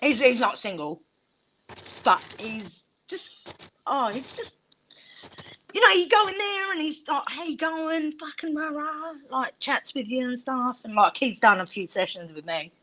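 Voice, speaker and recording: A woman's voice: sits high, very animated, a little slow, pushed and bright. A woman chatting casually as a guest on a livestream, blunt, swearing often and laughing. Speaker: stream guest. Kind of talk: casual chat.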